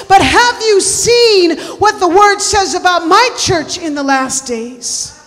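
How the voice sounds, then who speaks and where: Woman preacher, very high voice, slow fervent sermon delivery building to shouts, long church reverb. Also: expressive, soft background music. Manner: impassioned, rising to shouts and sung cries. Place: church sanctuary.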